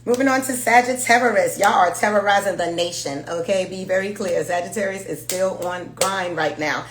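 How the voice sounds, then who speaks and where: A woman's voice: mid-range voice, moderate pace, echoey room. A woman giving a casual tarot reading, talking frankly, swearing and laughing freely. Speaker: tarot reader.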